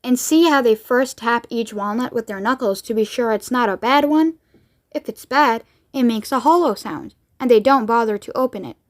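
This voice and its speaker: A woman voicing a brisk, eccentric grown man who makes chocolate, urging everyone along in a bouncy storybook reading. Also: fairly high pitch, natural voice. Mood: explaining.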